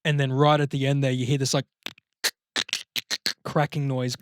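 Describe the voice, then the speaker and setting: A man co-hosting a podcast in casual chat, rambling as he pitches a story and acting out bits of it. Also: level tone, normal speed, clear, resonant tone. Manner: rambling, swears often, acts out voices. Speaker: podcast co-host.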